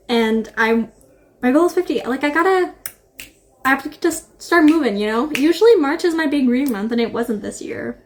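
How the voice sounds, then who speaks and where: Gushing young woman book vlogger. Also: on the high side. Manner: gushing, rambling, lots of "like". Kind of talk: casual chat to camera.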